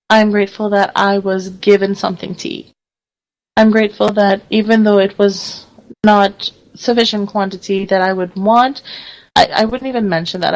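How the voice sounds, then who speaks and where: A lively woman radio host talking in a casual, chatty way. She acts out quoted exchanges as she goes and laughs often. Her voice sits at a middle pitch for a woman. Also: low-quality recording.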